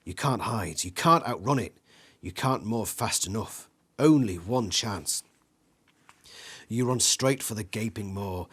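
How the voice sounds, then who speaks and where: A man's voice: fairly low pitch, a bit bright, breathy edge. A man reading an interactive adventure book aloud with drama, acting out sound effects and screams, stopping now and then to think aloud about which choice to make. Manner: acts out sound effects and screams, some slips. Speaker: channel host reading a gamebook aloud.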